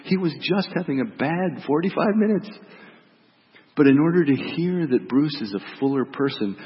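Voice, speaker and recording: A middle-aged man, a pastor, giving a reflective, gentle sermon and dropping softly on key words. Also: a little high, lively intonation, normal speed. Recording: dull reverberant hall recording.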